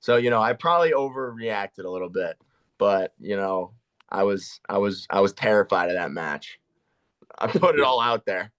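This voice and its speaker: A young man with a lowish voice chats easily as a podcast guest. He is self-deprecating and quick to laugh at himself. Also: lively intonation, a bit bright. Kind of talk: casual chat.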